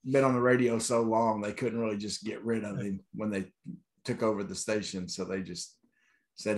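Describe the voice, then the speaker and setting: A man's voice: on the low side, flat delivery, moderate pace. A man, co-hosting a podcast, easygoing and teasing as he tells stories in casual chat. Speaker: podcast co-host.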